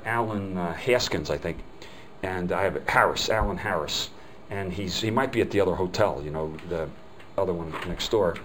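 An older man teaches a customer service seminar in a folksy, storytelling way. His voice sits fairly low, and he acts out the people he quotes. A faint hum of room noise runs under the recording. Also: low-quality recording. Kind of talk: live seminar talk. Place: hotel meeting room.

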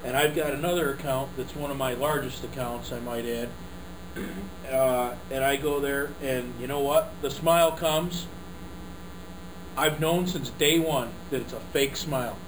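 A man in a sales training group, candidly describing his customers and pausing to think. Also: mid-range voice, steady tone. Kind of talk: group discussion. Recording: noisy room with mains hum.

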